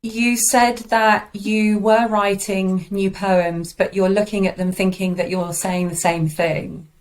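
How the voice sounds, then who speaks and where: A woman hosting a writing coaching conversation who introduces her guest and asks gentle, probing questions. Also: mid-range voice, little pitch movement, takes it slowly.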